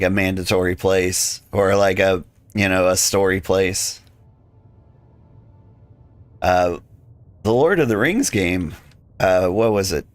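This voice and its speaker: Low-voiced man streaming, rambling casually. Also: no room sound. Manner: rambling, relaxed, many "like" fillers. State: losing his voice, tired. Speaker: game streamer. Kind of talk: casual live-stream chat while playing.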